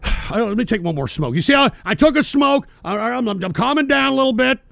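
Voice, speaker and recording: A high-voiced, gravelly man hosting his own radio show, ranting about politics with plenty of swearing. His pitch swings widely as he flares up and repeats his points, and the sound is dry and close. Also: animated, fast, a bit bright, no room sound. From United States. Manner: heated, swearing, repeats himself. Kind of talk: profane political rant.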